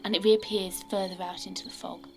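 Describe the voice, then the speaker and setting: A woman narrating a tabletop game as game master, dropping into a descriptive hush for suspense. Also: medium pitch, little pitch movement, fairly quick, faint music behind.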